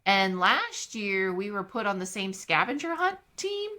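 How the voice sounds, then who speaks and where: A woman's voice: medium pitch, very animated, unhurried, sharp tone. A middle-aged woman hosting a casual interview, upbeat and chatty, laughing easily. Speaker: host.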